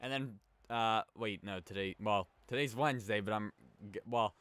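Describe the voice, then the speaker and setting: Low smooth-voiced man commentating a game. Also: normal speed, a bit bright, no room sound. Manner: chatty, rambling, reacts to plays. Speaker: let's play host. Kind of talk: casual gameplay commentary.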